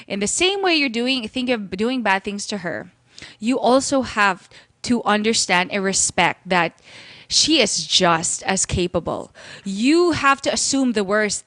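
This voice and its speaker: A woman's voice: on the high side, fairly bright tone, no room sound, clean studio sound. A woman co-hosting a radio advice show, speaking earnestly and searching for her words. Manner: earnest, searching, with many restarts. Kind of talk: casual radio talk.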